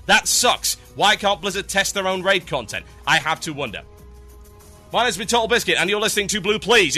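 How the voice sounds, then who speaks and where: A young man hosts a solo gaming podcast, ranting bluntly about what he thinks. His voice is very bright and sharp, and it sits slightly high. Faint music plays behind him. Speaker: podcast host. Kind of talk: casual solo podcast talk.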